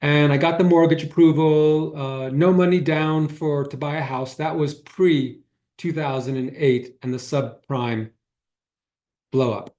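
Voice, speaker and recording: In a roomy, echoing space, a holistic healer delivers a spiritual talk built on personal stories. His voice sits on the high side with a darkish tone, fairly even intonation and a measured pace, and he keeps it conversational, performing the quoted lines.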